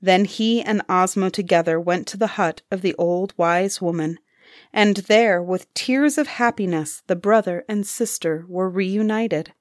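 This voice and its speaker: A woman reading a fairy tale aloud in a deliberate, expressive manner. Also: mid-range voice, no room sound, clean studio sound. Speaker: storyteller. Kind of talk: storybook reading.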